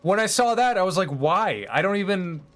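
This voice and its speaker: A man's voice: high-pitched, fast, a bit bright, faint music behind. A man streaming, chatting casually in a rambling, opinionated, profane way. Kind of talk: casual chat while streaming.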